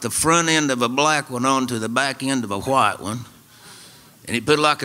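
For a live radio audience, an older storyteller and musician with an East Tennessee drawl spins a wry, homespun tale. His middling-pitched voice is bright and forceful, while his humor stays easygoing and dry.

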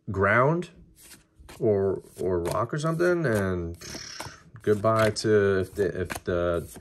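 A man casually talking through a card-opening video, chatty and excitable as he reacts to each pull. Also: deep voice.

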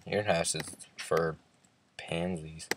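A man's voice: low-pitched, fairly even intonation, takes it slowly. A man hosting a casual gaming chat, teasing his friend and talking in a put-on accent. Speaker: host.

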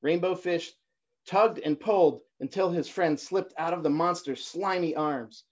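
A man in his forties, a guest reader, reading a children's picture book on a livestream, halting at times with fillers and restarts. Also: a little high, a little mellow. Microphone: phone or laptop for a livestream. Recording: dull lo-fi livestream audio.

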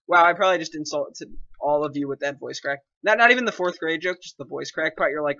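A young man with a high, sharply bright voice complains and jokes his way through a game, excitable and quick to mock himself. The recording is dry and close. Its sound is dull and lo-fi. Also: dry recording. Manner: excitable, complaining, self-mocking. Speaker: gaming commentator. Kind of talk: casual gameplay commentary.

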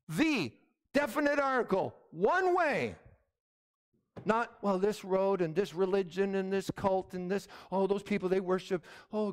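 A middle-aged man, a pastor preaching an emphatic sermon and calling out "Amen?" to the congregation. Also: high voice.

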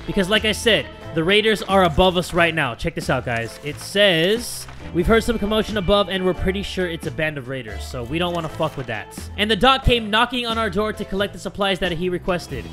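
Young male gamer, high and bright, excitable let's-play host who swears and yells at setbacks. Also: brisk, few pauses, soft background music. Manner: excitable, reads game text aloud, swears, yells at setbacks. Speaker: gaming YouTuber.

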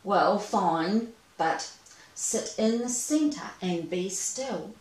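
A woman's voice: medium pitch, lively intonation, a little mellow, reverberant, recorded from a distance, low-quality recording. A woman voicing a patient, courteous male elephant who teaches fishing in a storybook. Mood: instructive. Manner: courteous, instructive, measured.

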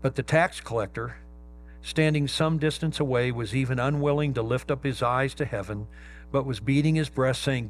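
A male pastor preaching a sermon, stressing key words slowly and emphatically. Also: medium pitch, faint music behind.

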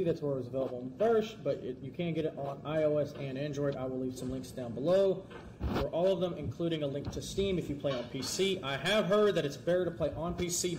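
A man giving let's-play commentary, talking fast and excitably and pleading and yelling at the game. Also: a little high, background noise. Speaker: gamer.

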